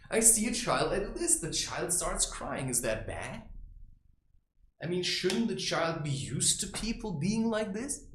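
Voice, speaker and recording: A blunt, profane man rambles through a spiritual monologue in a fairly high voice that swoops up and down. His talk is heard in an echoey room with faint ambient noise behind him. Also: very animated, unhurried, fairly bright tone. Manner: blunt and profane, with frequent "right?" and "you know". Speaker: creator sharing spiritual advice. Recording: roomy echo with faint ambience.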